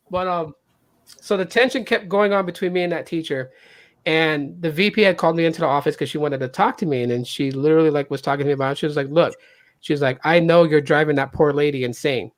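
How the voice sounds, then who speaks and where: A man with an animated way of telling a story, who acts out the people he quotes. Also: brisk, no room sound. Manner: animated, acts out quotes with jumps in pitch and loudness. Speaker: podcast host. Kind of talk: casual storytelling.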